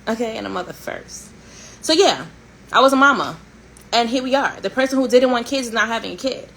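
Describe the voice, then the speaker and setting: A woman in her thirties, from a Haitian family, hosting a casual storytelling chat in a candid, sarcastic and animated way, swearing and laughing often. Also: on the high side, brisk, rough recording. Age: 30s. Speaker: host.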